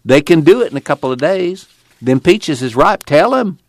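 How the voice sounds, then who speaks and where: A man doing a fervent high-voiced preacher. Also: sing-song, normal speed, no room sound, studio quality. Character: excited earnest rural preacher man. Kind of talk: audiobook character voice.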